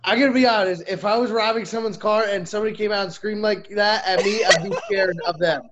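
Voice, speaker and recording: A young man in casual podcast chat, making blunt, deadpan tough-guy jokes. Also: sits high, fast, lo-fi sound, background noise. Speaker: podcast guest.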